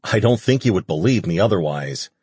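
A man's voice: sits low, animated, a little fast, darkish tone, husky, no room sound, exaggerated voice. A man voicing a blunt, profane male guard who barks out his words urgently. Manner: urgent, barking.

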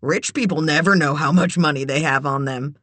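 A narrator voicing a self-assured male con man in an audiobook, with a low, drawling, easygoing manner. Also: fairly quick, fairly bright tone, dry recording, lightly acted. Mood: coaxing.

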